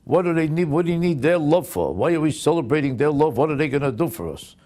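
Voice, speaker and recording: A man's voice: a little high, expressive, quick pace, dark tone. An older man, delivering an indignant comic rant full of incredulous rhetorical questions. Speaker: comedian. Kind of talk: stand-up style comic rant to camera.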